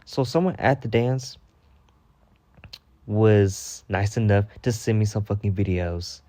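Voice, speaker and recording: In a lowish voice and at a slow pace, a storytime vlogger vents heatedly, swearing a lot in his animated ranting monologue. The recording has no echo.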